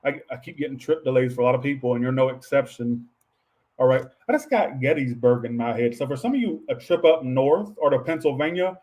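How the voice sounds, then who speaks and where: Speaking fairly quickly in a mid-range, darkish voice, this man gives his viewers a loose tarot reading. He rambles, keeps it offhand, curses a lot, and keeps turning to address chat.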